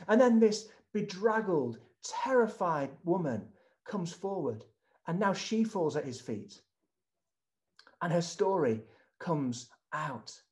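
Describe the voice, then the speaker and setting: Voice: medium pitch, a little mellow. A preacher giving a sermon as a vivid retelling that addresses the listeners directly.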